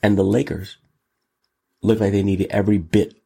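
A man hosting his own show, talking solo in an animated, exclamatory way, riffing and repeating words in long runs. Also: on the low side, normal speed, vocal fry, breathy edge. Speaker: show host. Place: Los Angeles.

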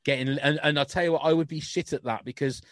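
A man's voice: on the high side, steady tone, quick pace, no echo. A man co-hosting a casual chat, easygoing, with hesitant restarts and the odd swear word. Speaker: podcast co-host.

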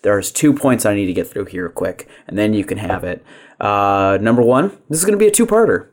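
A man's voice: lowish voice, animated, fairly quick. A man hosting a podcast, talking casually with lots of fillers and self-deprecating jokes. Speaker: podcast host.

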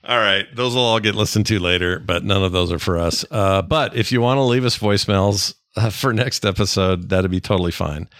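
A man's voice: on the low side, a little fast, hardly any pauses, fairly bright tone, no room sound, clean studio sound. Rambling middle-aged father hosting a podcast. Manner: rambling, self-correcting, chatty. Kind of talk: casual chat.

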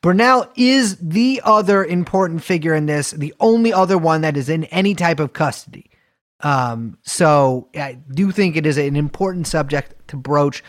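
A man's voice: on the high side, lively intonation, moderate pace. A man co-hosting a podcast in casual chat, joking and rambling, often correcting himself mid-sentence. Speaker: podcast co-host. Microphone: video call from a basement.

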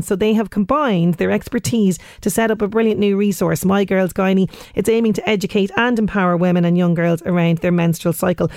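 An Irish woman in her late thirties hosts a radio talk show, chatty and animated. She often slips into little acted-out voices. Her voice sits in a middle range and sounds dry and close on the studio mic. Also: medium pitch, dry recording. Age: late 30s. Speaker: radio presenter. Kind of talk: casual radio chat.

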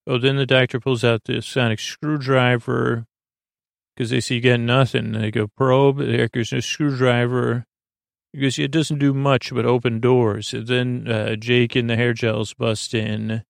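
A podcast host with a gravelly mid-range voice speaks slowly and flatly, recorded cleanly in a studio with no echo. He recaps an episode for a sleep podcast, meandering along with plenty of "uh" and "he goes."

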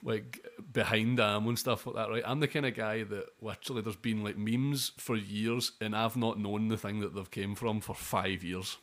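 A man's voice: fairly low pitch, steady tone, moderate pace, hardly any pauses, a bit bright. A young man co-hosting a podcast, rambling and swearing through casual film talk. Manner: rambling, sweary, lots of restarts. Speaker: podcast co-host.

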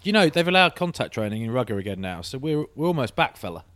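A man, co-hosting a casual podcast, jokey and animated in banter. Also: medium pitch, fast. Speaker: podcast co-host. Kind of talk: casual chat.

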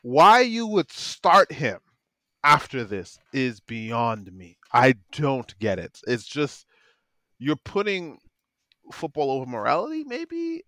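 A man's voice: mid-range voice, slow, no echo. Brief: male podcast co-host, casual and emphatic, laughs easily, dry close mic. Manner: animated, emphatic, laughs often. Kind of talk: casual football chat.

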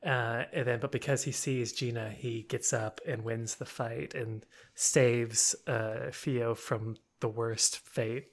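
In a casual conversation, a man with a mid-range voice slowly recaps a film. He's animated, laughs often, and stumbles and restarts a lot.

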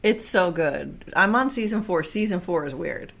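A woman's voice: lowish voice, expressive, normal speed, vocal fry, fairly bright tone. A woman co-hosting a podcast in casual chat, blunt, profane and enthusiastic. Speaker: podcast co-host.

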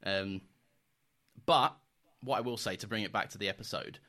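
A man's voice: lowish voice, moderate pace, pushed and bright. A man co-hosting a casual podcast, swearing freely and laughing often as he talks. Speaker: podcast co-host. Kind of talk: casual chat.

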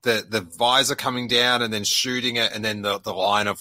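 A man with a New Zealand accent hosting a casual panel chat, halting and restarting often. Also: lowish voice, steady tone, sharp tone, dry recording. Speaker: podcast host.

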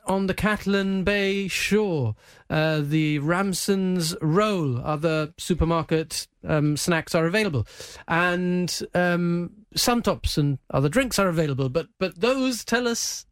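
A man presenting a radio news show, talking haltingly with many restarts and a questioning "no?". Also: high-pitched, clean tone, no room sound, clean studio sound, soft background music.

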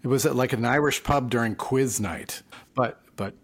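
A sleepy man talking casually late at night as a podcast co-host, halting and trailing off. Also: mid-range voice. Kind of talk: casual chat.

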